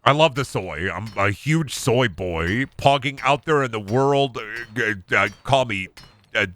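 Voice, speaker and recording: A young male streamer talks loosely to his chat, rambling through jokey, profane rants. His pitch swoops around freely, and his tone is bright and forward. The talk is casual and unscripted. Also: lively intonation, a little slow.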